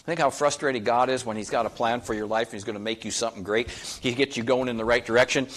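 A man's voice: mid-range voice, quick pace, fairly bright tone. A middle-aged man from North Dakota preaching a sermon in a conversational, folksy way, building up to emphatic questions for his congregation. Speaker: pastor.

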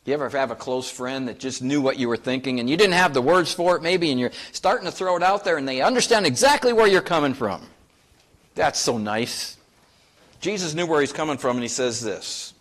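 A man preaches to his congregation in a homey, conversational style, often asking them questions. His voice sits a little high and swoops up and down with lively emphasis. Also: brisk. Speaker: pastor. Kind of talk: sermon.

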